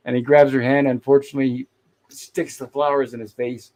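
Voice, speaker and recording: A man's voice: mid-range voice, flat delivery, a little fast, darkish tone. A man hosting a casual livestream, recapping an old sitcom episode and acting out bits of dialogue as he goes. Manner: retells scenes, briefly acting out lines. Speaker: podcast host reviewing a classic sitcom.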